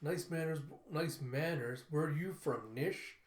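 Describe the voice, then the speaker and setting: Brief: cocky gifted girl tech whiz, read by a man, higher voice, roomy room. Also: a little slow, natural voice. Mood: snarky. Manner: read-aloud comic dialogue, little voice change. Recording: roomy echo.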